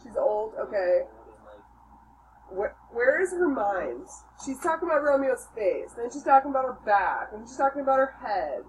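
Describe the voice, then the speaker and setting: A woman's voice: fairly high pitch, very animated, moderate pace, a little hiss or hum, rough recording. A woman teacher questioning her class in a casual, prompting way about a passage they just read.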